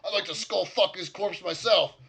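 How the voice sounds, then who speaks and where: A gruff male orc innkeeper who barks and curses at troublesome adventurers, as a game master puts him on. The voice rides higher and louder than the man's usual talk, with a bright, forceful edge. It is a tabletop game character, brusque and short on patience. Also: moderate pace, exaggerated voice. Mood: scornful. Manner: loud, exasperated, swearing. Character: short-tempered male orc tavern keeper.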